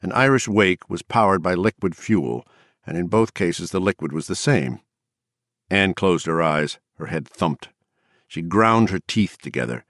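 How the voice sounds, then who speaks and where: A man reads a novel aloud in a steady, even manner. His voice is very deep and sits dry and close to the mic. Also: measured pace, no echo. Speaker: narrator. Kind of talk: audiobook narration.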